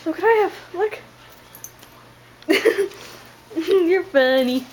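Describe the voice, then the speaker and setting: A woman filming her dog at home on a handheld camera, calling to it in high, playful baby talk. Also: expressive, measured pace, pauses often, noisy background. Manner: high sing-song coaxing, playful. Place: home, indoors.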